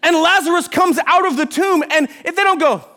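A middle-aged male pastor preaching an animated sermon, acting out Bible scenes and sometimes shouting. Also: very high voice, brisk, slight background noise.

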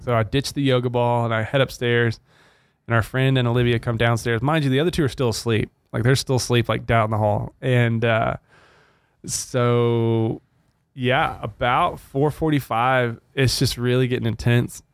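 A man's voice: medium pitch, moderate pace, clear, resonant tone, no room sound. Podcast guy in his 30s telling a story, acts out the quotes, dry close mic. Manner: animated storyteller acting out quotes. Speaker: podcast co-host. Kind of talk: casual storytelling chat.

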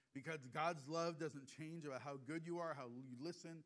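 A man with a slightly high voice preaches a conversational sermon. He is animated and acts out little dialogues, and he drops to a soft, emotional hush when he is moved. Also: normal speed, hardly any pauses. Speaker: preacher, hospice chaplain. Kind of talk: conversational sermon with personal stories. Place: church gathering.

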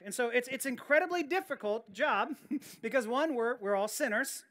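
A woman's voice: on the high side, lively intonation, moderate pace, a bit bright. A woman pastor preaching a sermon in an earnest, emphatic way, often repeating key phrases and restarting her sentences.

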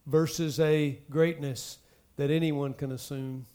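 Pastor guy preaching, slightly high voice, gets loud then drops quiet, talks right at the crowd. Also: flat delivery, unhurried. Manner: preaching with emphatic swells and soft drops; addresses the congregation directly. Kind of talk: sermon.

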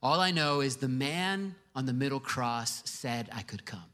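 A man's voice: mid-range voice, animated, unhurried, sharp tone. A man voicing a bewildered, plain-spoken dying thief, in a plain baffled way. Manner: baffled, matter-of-fact.

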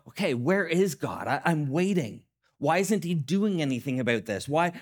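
A man delivers a sermon with a lively, swooping voice, set a little higher than most men's. He talks conversationally, as a pastor in his thirties, and acts out short quotes as he goes. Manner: animated, conversational preaching with acted-out quotes.

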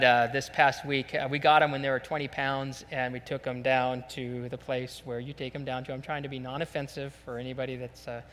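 Animated male pastor in a reverberant hall. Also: medium pitch. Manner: animated, jokey storytelling, acts out voices. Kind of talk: sermon with storytelling.

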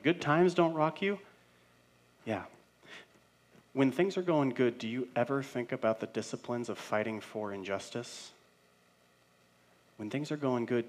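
A pastor in his thirties preaches a sermon to his congregation. He talks in a loose, conversational way, throwing in playful asides and pressing his points home with emphatic rhetorical questions. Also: mid-range voice. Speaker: senior pastor.

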